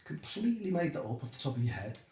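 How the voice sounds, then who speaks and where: Male, mid-pitched, deadpan teasing prank message, slow comic pauses, roomy echo. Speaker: coworker leaving a prank message. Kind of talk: mock-sincere comic video message.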